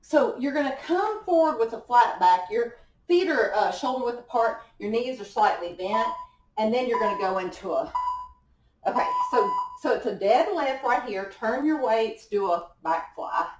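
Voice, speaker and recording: A woman's voice: fairly high pitch, animated, normal speed, a little hiss or hum. Breezy woman coaching a workout. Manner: encouraging coaching cues with small laughs. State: out of breath at times. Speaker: fitness instructor. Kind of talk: live workout class instruction. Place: indoor workout room. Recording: echoey room, voice from far off.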